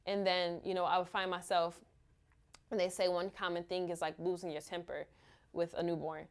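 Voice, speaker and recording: A woman, a mother, candidly telling her own story in a halting, open way full of fillers. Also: fairly low pitch, flat delivery. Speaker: mother sharing her experience.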